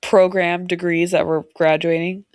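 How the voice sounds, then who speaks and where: A woman in her thirties chats on a podcast with a hoarse, raspy voice, her throat worn down by laryngitis. She tells her stories in an animated way and laughs often. The sound is dry and close, with no room around it. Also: on the low side, measured pace, no room sound. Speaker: podcast co-host. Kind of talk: casual chat.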